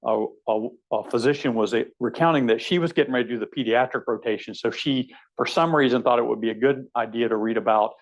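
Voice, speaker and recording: A man's voice: medium pitch, fast talker, hardly any pauses, lo-fi sound. A man, a surgeon, giving a conversational teaching lecture, wry and anecdotal with frequent fillers. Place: lecture hall.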